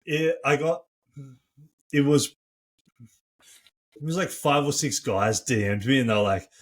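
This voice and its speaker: A man co-hosting a casual podcast as a coach, talking in an animated, chatty way full of "like" and swearing, on a close studio mic. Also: medium pitch, a little slow.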